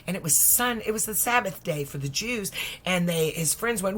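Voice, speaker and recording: Lively, low-voiced woman preacher. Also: moderate pace. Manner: lively, acts out voices, drops to whispers. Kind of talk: storytelling sermon.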